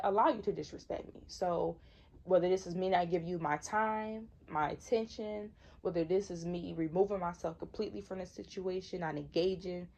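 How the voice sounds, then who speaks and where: This tarot reader, a Michigan woman in her twenties, talks in a lowish, darkish voice. Her reading is conversational and slangy, and she repeats lines for emphasis.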